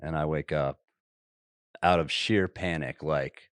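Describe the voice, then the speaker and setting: With a very deep, fairly bright and smooth voice, this podcast host talks slowly and fairly evenly. The studio-quality recording is dry. He spins casual stories with laughs, whispering whenever he quotes an aside.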